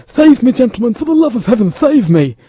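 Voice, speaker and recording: A man's voice: very high-pitched, very animated, a little fast, mellow, breathy edge, no echo, voice pushed up, heavily acted. A man reading an audiobook, voicing a panicked middle-aged mercer begging for rescue. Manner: frantic, begging.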